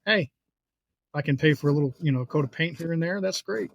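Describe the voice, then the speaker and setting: Man, casual podcast chat, halting explanations, dry sound. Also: a little high, creaky, no echo, muffled recording. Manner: explains with hesitant restarts and fillers.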